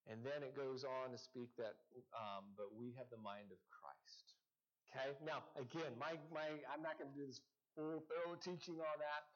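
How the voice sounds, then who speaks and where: A man's voice: mid-range voice, normal speed, lo-fi sound. A man from the American Northwest giving a casual teaching talk to a group, conversational, with frequent restarts and fillers. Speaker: campus ministry teacher.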